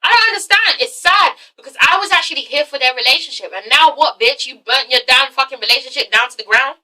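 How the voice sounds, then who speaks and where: A woman's voice: high-pitched, quick pace, pushed and bright, recorded from a distance, poor audio. A woman casually recapping a TV episode, emphatic and profane, acting out the characters' lines. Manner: profane, emphatic, re-enacts dialogue. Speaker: TV episode reviewer.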